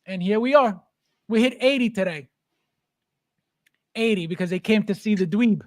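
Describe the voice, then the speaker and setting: A man's voice: high voice, moderate pace, slight background noise. A man hosting a livestream, reading viewer comments aloud and answering them in a defiant, repetitive way. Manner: defiant, repeats phrases, talks back to chat. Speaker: livestream host.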